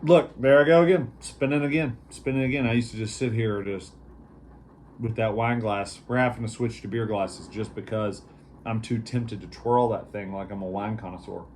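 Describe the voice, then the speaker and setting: A man's voice: fairly low pitch, fairly even intonation, moderate pace, a little mellow, slight background noise. Easygoing rambling man reviewing beer. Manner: rambling, easygoing, lots of fillers. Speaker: beer reviewer, show host. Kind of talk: casual vlog review.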